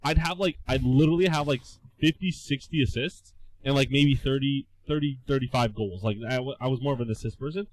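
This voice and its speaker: A man's voice: medium pitch, brisk, poor audio. A young adult man co-hosting a podcast, telling a story in blunt, profane casual chat with exasperated bragging. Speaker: podcast co-host.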